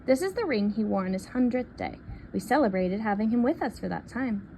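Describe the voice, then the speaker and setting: Woman reader doing kindly baby escort, bright and pleased, slightly raised voice, faint room hiss. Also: on the high side, lively intonation, a little fast.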